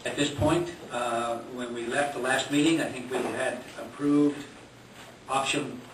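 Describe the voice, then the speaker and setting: A man's voice: mid-range voice, unhurried. Man chairing a meeting in an echoey hall. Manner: relaxed, joking. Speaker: board chairman. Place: large government chamber. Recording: echoey chamber, distant mic, hiss.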